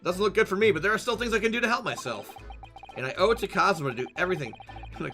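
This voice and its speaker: A male game streamer chats casually and jokes as he plays, swearing freely. His voice sits a bit high and swings animatedly. Game music plays clearly behind him. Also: expressive, fast talker, sharp tone.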